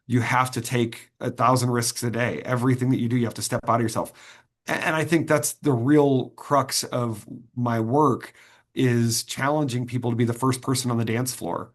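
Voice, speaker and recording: A man answers interview questions in an earnest, halting way, often restarting his sentences. His voice sits at an ordinary middle pitch. He talks like a stage performer telling a heartfelt story. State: choked up. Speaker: interview guest, sword swallower and performer.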